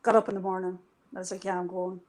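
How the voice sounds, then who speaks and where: On a live stream conversation, a woman appears as an interview guest and tells a story casually, swearing freely and acting out what people said. She speaks very fast at a fairly low pitch, with an animated delivery. The recording is rough.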